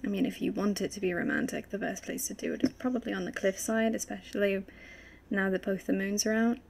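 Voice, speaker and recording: A woman's voice: mid-range voice, steady tone, brisk, creaky, slightly rough. A woman voicing a playful young bride in a live tabletop role-play, coaxing and sweetly persistent.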